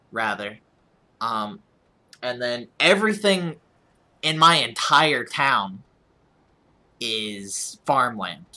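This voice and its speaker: American guy with a bit of a country accent, slow easygoing chat while gaming, bright voice, keeps restarting sentences. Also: medium pitch. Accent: rural American. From United States. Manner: rambling, self-deprecating, stammers and restarts. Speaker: streamer.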